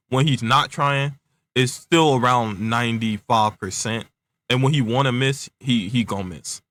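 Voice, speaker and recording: A man's voice: medium pitch, fairly bright tone, dry recording. Laid-back young man telling a story. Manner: laid-back slang, constant filler phrases, stuttering. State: talking around clear aligners. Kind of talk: casual improvised storytelling.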